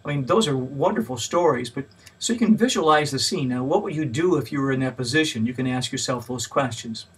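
A man teaches a Bible study method in a patient, step-by-step lecture, leaning on each numbered point and filling pauses with "uh". His voice is mid-pitched and slightly husky. He sits a little back from the microphone, so the sound is somewhat distant. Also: animated. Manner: plain, patient teaching with frequent "uh" fillers; stresses key words when listing points. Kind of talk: mini lecture.

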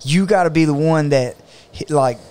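A man's voice: a little high, normal speed, smooth. A man, a jiu-jitsu coach, talking casually on a podcast and telling stories animatedly, acting out what other people say. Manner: animated storytelling, acts out other people's words.

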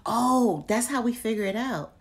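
A woman's voice: a little high, expressive, normal speed. A woman vlogging casually to her viewers, chatty and exasperated, full of slang and muttered asides. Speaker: candle vlogger. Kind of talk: casual live chat to viewers.

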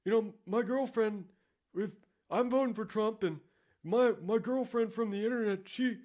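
A man voicing a dopey, clueless young man who rambles and stammers in a high voice. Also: moderate pace, a little mellow, natural voice.

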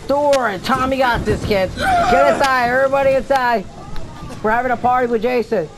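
A man doing loud, taunting commentary while playing a horror game. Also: very high-pitched, a little fast, crowd noise, background noise. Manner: loud, taunting, trash-talking. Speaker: gamer. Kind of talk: gameplay commentary. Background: game music.

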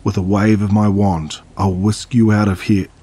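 Apologetic elderly fairy godmother, read by a man, soft and husky. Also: on the low side, level tone, moderate pace. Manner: gentle, apologetic, tearful.

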